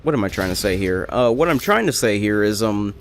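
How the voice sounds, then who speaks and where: A man's voice: lowish voice, animated, a little fast, a little hiss or hum. A young man rambling and joking through casual gameplay commentary, often correcting himself mid-sentence. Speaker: let's play gamer.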